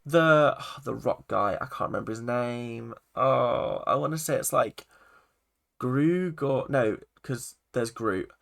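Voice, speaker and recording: A man's voice: medium pitch, slow pace, creaky, fairly bright tone. A young man casually reviewing a TV episode, rambling with lots of "like" and restarts. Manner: rambling, full of "like" and self-corrections. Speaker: film and TV reviewer.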